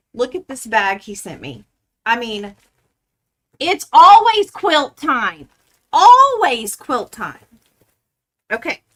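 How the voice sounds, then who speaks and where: A woman hosting a quilting livestream from her home studio, gushing and chatting excitedly with viewers as she unboxes fabric. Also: on the high side. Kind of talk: casual live stream chat.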